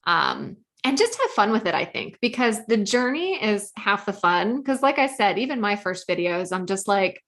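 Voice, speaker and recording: A woman's voice: medium pitch, sing-song, normal speed, few pauses, a bit bright. A woman with a soothing voice, hosting a podcast in a casual conversation with a guest. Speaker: podcast host.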